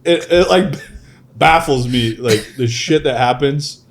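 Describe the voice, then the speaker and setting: A man's voice: mid-range voice, slow pace, gravelly, a little hiss or hum. A young adult man hosting a podcast, telling stories in casual chat and laughing often. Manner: storytelling, laughs often, animated. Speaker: podcast host.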